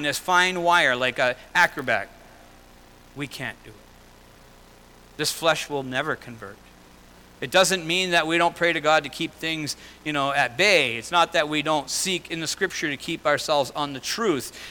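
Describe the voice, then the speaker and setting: A middle-aged man preaching a sermon, paraphrasing scripture in a conversational way and swinging between loud emphasis and quiet asides. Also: on the high side, rough recording. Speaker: pastor.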